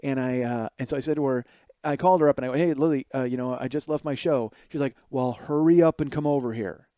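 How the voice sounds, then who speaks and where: Man, forties, comedy podcast host, rambling profane monologue, dark mellow tone, dry close sound, late-night kitchen. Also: mid-range voice, fast, dry recording. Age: 40s. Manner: rambling, profane, mocking impressions of others.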